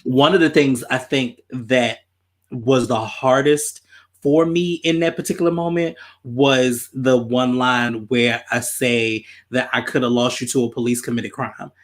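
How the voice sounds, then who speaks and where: A man's voice: mid-range voice, measured pace. Man telling a story. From Baltimore, USA. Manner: animated, profane, repeats himself while telling a story. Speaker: podcast host. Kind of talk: casual storytelling.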